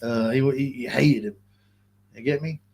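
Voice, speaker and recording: Male streamer, husky voice, mid pitch, loose sweary rambling commentary. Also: normal speed, darkish tone. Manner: rambling, profane, restarts sentences often. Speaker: boxing channel host. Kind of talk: casual live-stream rant.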